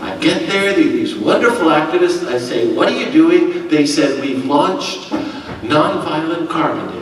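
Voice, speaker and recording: An American priest gives a keynote, telling stories with self-deprecating humor and acting out the quotes. His voice is on the high side, animated and unhurried, with slight hiss or hum. It's recorded from far off in a large, echoey hall.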